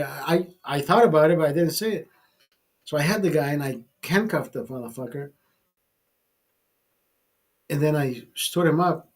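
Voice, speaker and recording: A man's voice: fairly high pitch, normal speed, long pauses. Rambling, profane man telling stories. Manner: profane, rambling anecdotes with acted-out quotes. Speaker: host. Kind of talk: casual storytelling chat.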